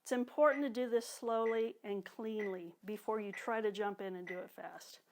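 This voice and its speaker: A woman teaching drum exercises, calmly cueing each one while she plays. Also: medium pitch, moderate pace, slight background noise. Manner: calm, counts and cues exercises while playing. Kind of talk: instructional demonstration. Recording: talk over loud drumming and metronome.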